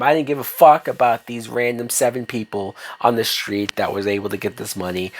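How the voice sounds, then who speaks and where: A man delivers a ranting video review of a TV episode. He is sarcastic and profane throughout, and sounds thoroughly fed up with what he watched. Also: medium pitch.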